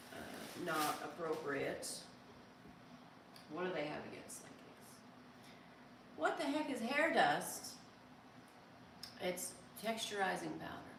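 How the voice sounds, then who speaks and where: Lively woman on an echoey live stream. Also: mid-range voice, noisy background. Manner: playful, chatty, reacts to viewer comments. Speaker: live streamer reading chat. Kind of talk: casual live-stream chat. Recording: echoey room, distant mic, faint ambience.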